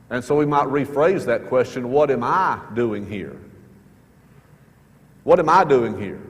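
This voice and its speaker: A man preaching a sermon in church, earnest, repeating his key questions and slowing down to stress words. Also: mid-range voice, long reverb tail. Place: church sanctuary.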